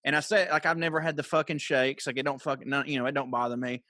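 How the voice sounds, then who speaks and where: A man's voice: medium pitch, level tone, fast, sharp tone, dry recording, clean studio sound. A man, co-hosting a podcast with blunt, profane, slangy banter. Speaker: podcast co-host. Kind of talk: casual chat.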